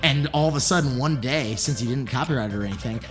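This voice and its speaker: A man's voice: medium pitch, fast, soft background music. Joking man chatting casually. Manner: joking, riffs with deadpan asides. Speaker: podcast co-host. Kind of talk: casual chat.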